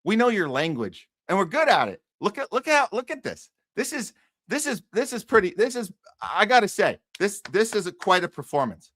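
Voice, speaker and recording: A man's voice: high-pitched, sing-song, moderate pace, a bit bright, dry recording, studio quality. A man hosting a podcast, giving heated, profane and sarcastic political commentary that often repeats itself. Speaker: podcast host.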